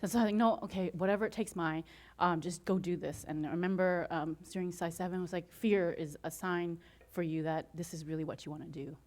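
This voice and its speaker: A woman giving an inspirational talk to an audience, telling her story with frequent laughter and acting out her own excited reactions. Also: fairly low pitch, fairly quick. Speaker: motivational speaker.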